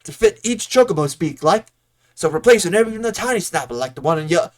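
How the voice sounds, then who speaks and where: Guy doing a gruff country stable hand, says ain't and see, voice bouncing all over the place. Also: on the high side, lively intonation, quick pace, close to an everyday voice. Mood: grumbling. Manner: rough folksy dialect with "ain't", "see?". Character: gruff rustic male stable hand, grumbling.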